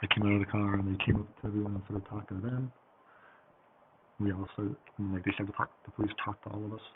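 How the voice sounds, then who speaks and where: Talking fast in a level tone, a man with a lowish voice tells a loose, rambling story full of filler words and curses. It sounds like it was recorded over a phone: thin and tinny, with a light hiss underneath.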